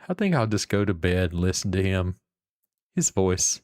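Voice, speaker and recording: A man's voice: low-pitched, big pitch swings, normal speed, a little mellow, no room sound, studio quality. A middle-aged man, chatting casually and rambling to his livestream viewers. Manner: rambling, folksy, swears casually. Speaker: livestream host.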